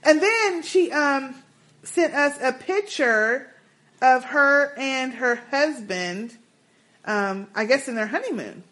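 A woman co-hosting a casual podcast, reading listener emails with sassy, animated asides. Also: high-pitched, slow. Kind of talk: casual chat.

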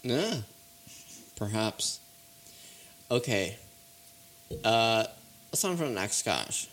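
A man's voice: fairly low pitch, big pitch swings, extremely slow, a bit bright, slight background noise. A man hosting a comedy talk show, trading laid-back, dryly joking banter with his guest. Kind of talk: casual comedic chat.

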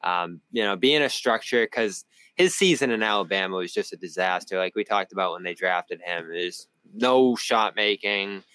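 Reporter mit Bostoner Akzent, tiefe klare Stimme. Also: male voice, low-pitched, normal speed, pushed and bright, clear, resonant tone, dry recording. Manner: storytelling, laughs often. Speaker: sports reporter. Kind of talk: podcast panel chat.

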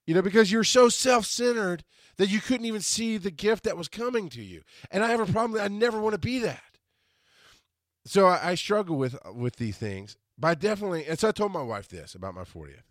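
A man's voice: a little high, brisk, no room sound, clean studio sound. A man in his forties hosting a podcast, talking on his own in a casual, rambling way, often restarting and correcting himself. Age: 40s. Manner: rambling, restarts and self-corrections, animated when quoting others. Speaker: podcast host. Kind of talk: casual solo monologue.

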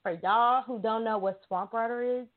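Speaking straight to her audience, this talk show host from South Carolina chats in a teasing, casual way with a Southern US accent. She has a high-leaning, steady voice at normal speed, heard through phone-quality audio.

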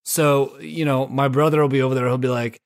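A man hosting a casual gaming podcast, laid-back and quick to swear, tossing in slang like "dude" and "son". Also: mid-range voice, fairly even intonation. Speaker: podcast host. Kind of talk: casual chat.

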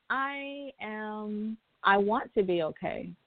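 A young woman calling in to a talk show, speaking haltingly and fighting back tears. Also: medium pitch, lively intonation, no room sound. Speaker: caller. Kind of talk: emotional call-in. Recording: tinny phone line.

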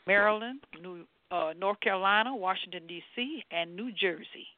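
A woman co-hosting a gospel talk show by phone, loud and playful, teasing her co-hosts before she reads an artist's introduction. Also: mid-range voice, moderate pace, no room sound. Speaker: co-host. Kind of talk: casual radio show chat and announcing. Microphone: phone call-in. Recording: tinny phone line.

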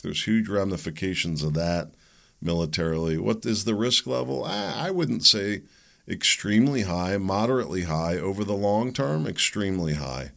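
A man's voice: low-pitched, creaky, a bit bright. A man hosting a political commentary show, thinking aloud and hedging his opinions as he talks. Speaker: host.

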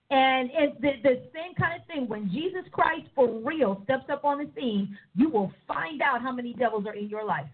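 A woman with a high voice preaches a sermon, lively and expressive. She acts out the voices of people she talks about. The sound is thin and tinny, like a phone line. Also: moderate pace, few pauses, husky. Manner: animated, mimics people in voices.

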